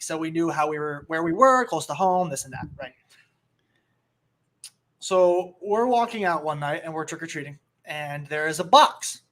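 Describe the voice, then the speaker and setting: Young man telling a lively story. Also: on the high side. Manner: animated storyteller who acts out quoted voices. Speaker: podcast co-host. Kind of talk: casual storytelling chat.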